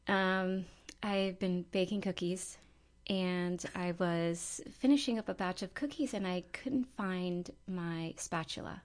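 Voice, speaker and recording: A middle-aged woman co-hosting a podcast, telling a story in a chatty, relaxed way with many fillers. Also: on the low side, slow pace. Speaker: podcast co-host. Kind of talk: casual chat and storytelling.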